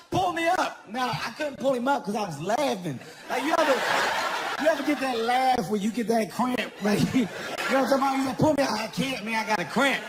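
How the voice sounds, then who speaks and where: High-voiced, animated male stand-up comic. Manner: animated, self-mocking, laughs through his lines. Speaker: stand-up comedian. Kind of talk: stand-up comedy storytelling. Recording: live venue, audible ambient noise.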